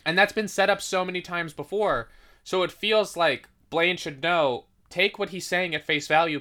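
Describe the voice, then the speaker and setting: Rambling bright-voiced man. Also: a little high, expressive, moderate pace. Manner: rambling, lots of "like" and restarts. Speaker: podcast co-host. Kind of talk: casual chat.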